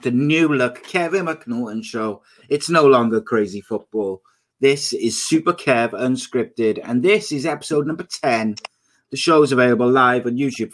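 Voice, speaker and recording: A man's voice: medium pitch, a bit bright. A young man hosting a casual live podcast, upbeat and chatty as he reads out viewer comments. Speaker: podcast host.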